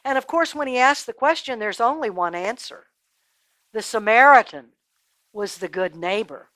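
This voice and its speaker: A woman's voice: fairly high pitch, expressive, normal speed, a bit bright, no room sound. A woman storyteller telling a Bible story expressively and speaking directly to children.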